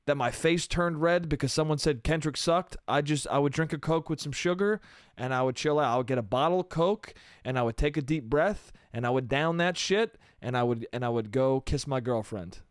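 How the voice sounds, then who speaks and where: A man's voice: fairly high pitch, moderate pace, smooth, dry recording, studio quality. A man hosting a solo comedy podcast, rambling in a loose, profane, self-amused way with lots of restarts. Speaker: podcast host.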